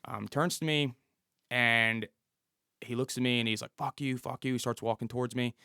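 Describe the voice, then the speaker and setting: Gravelly-voiced police officer telling a story. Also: male voice, mid-range voice, fairly even intonation, moderate pace, sharp tone, no room sound, studio quality. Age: 30s. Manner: vivid storyteller who acts out the dialogue. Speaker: police officer, podcast guest. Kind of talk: storytelling interview.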